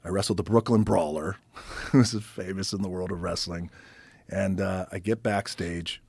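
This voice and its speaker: Low gravelly man telling a story. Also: moderate pace, dry recording. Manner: profane, animated storyteller acting out others' lines. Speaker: podcast guest. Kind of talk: casual storytelling in conversation.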